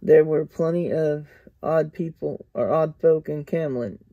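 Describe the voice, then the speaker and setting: A man reading a fantasy novel aloud in an even, steady way, now and then restarting a sentence. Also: a little high, unhurried, dry recording, muffled recording. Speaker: audiobook reader.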